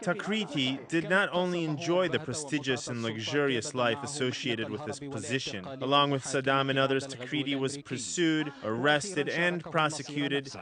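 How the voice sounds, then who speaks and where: A male reporter reading a scripted news voice-over in a measured, formal way. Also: medium pitch, crowd noise.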